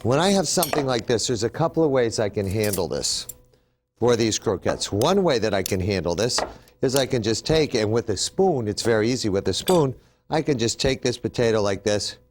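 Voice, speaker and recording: A man's voice: lowish voice, animated, normal speed, background noise. A man hosting a TV cooking demonstration, upbeat and chatty, explaining each step as he works. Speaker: cooking show host.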